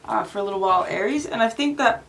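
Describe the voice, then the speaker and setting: Chatty, swearing Australian-born tarot reader. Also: female voice, mid-range voice, fast, gravelly, fairly bright tone. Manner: rambling, swears freely, laughs often, many "like" fillers. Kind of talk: casual tarot reading.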